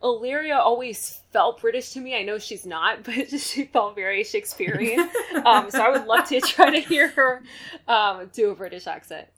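A woman's voice: on the high side, expressive, normal speed, a loud crowd. A woman co-hosting a fan podcast, chatting enthusiastically with frequent laughs. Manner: enthusiastic, laughs often, many fillers. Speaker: podcast co-host. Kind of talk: casual chat.

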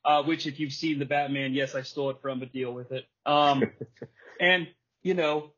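A man hosting a casual podcast, telling a story with energy, putting on quick voices and laughing often. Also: mid-range voice. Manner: animated storytelling, acts out wrestler quotes and laughs often. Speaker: podcast host. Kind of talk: casual chat. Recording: dull lo-fi podcast audio.

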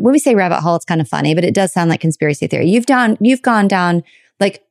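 A woman's voice: lowish voice, darkish tone, dry recording, studio quality. A middle-aged woman hosting a podcast, talking in a chatty, candid and self-deprecating way. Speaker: podcast host. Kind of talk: casual interview chat.

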